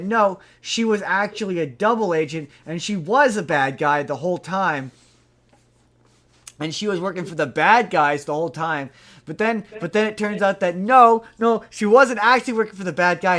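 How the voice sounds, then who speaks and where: A man with a fairly high voice talks loosely and at length on a podcast. His recap wanders and restarts, and he swears freely as he goes. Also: a bit bright. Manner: rambling, profane retelling of a movie plot. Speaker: podcast co-host. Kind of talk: casual chat.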